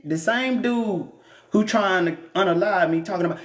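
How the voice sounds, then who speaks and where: A man's voice: high-pitched, moderate pace. A man reading the Bible aloud and commenting in a blunt, joking, preacherly way. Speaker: Bible teacher.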